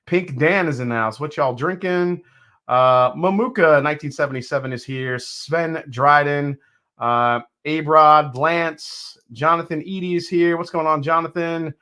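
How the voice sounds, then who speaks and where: A man's voice: on the high side, unhurried, pushed and bright. A man hosting a live stream, from New York, chatting casually and greeting viewers one by one. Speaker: host.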